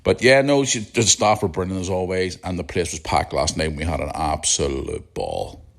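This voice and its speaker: Croaky, deep-voiced Northern Irish man. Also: animated, normal speed. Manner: chatty, rambling, blunt. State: croaky morning voice. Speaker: podcast host. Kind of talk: casual solo podcast chat.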